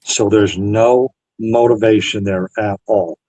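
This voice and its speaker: A man's voice: fairly low pitch, fairly even intonation, takes it slowly, a little mellow, dry recording, low-quality recording. A Navy veteran man in an interview, earnestly retelling past conversations and quoting both sides. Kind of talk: storytelling interview.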